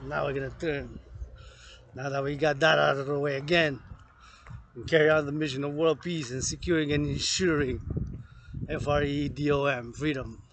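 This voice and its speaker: A rambling man in his thirties holds forth as a fitness vlogger, hopping between topics and swearing freely. His fairly high voice has a gravelly fry and a bright, forceful edge, with faint noise and passing traffic behind him. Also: steady tone, normal speed. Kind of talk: rambling monologue.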